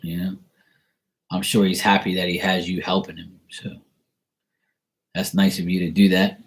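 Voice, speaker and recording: A man's voice: sits low, little pitch movement, moderate pace. A man doing a tarot reading and answering viewer questions in a rambling, casual chat full of "you know" fillers, blunt and sometimes swearing. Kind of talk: casual live-stream chat.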